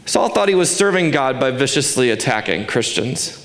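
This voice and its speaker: A man's voice: a little high, very animated, moderate pace, few pauses, a bit bright, echoey room. A man in his forties giving a sermon as pastor, earnest and emphatic, asking rhetorical questions. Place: church sanctuary.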